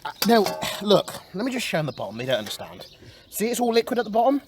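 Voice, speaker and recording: This young man's outdoor garden vlog stream is casual, with him chatty and excitable, addressing viewers as "boys" and lurching from mumbles to yells. He speaks fast in a voice that sits high. There's a little hiss or hum.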